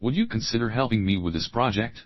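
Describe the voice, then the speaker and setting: A man's voice: medium pitch, lively intonation, no echo, dull audio. Man reading English drill questions. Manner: slow, clear drill reading, repeating each opening phrase. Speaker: English teacher. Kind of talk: reading example questions for learners.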